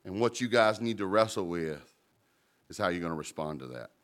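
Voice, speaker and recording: A man preaching in a church, telling stories and paraphrasing scripture in a relaxed, conversational way. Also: deep voice, brisk. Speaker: pastor. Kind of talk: sermon.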